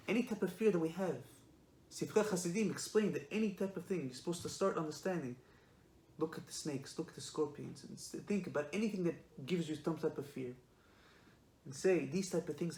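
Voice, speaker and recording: A man's voice: a little high, expressive, brisk, a little mellow. A man giving a religious lesson, emphatic and repetitive, often asking rhetorical questions. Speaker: Torah lecturer. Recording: echoey room.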